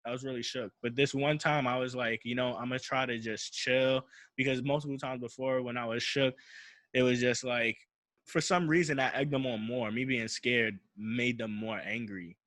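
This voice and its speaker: A man's voice: medium pitch, fairly even intonation, moderate pace, fairly bright tone, dry recording. A young man telling a personal story in casual, slangy talk, often repeating himself and restarting as he recounts it. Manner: slangy, repeats "I'm like" and restarts while retelling. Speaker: podcast host.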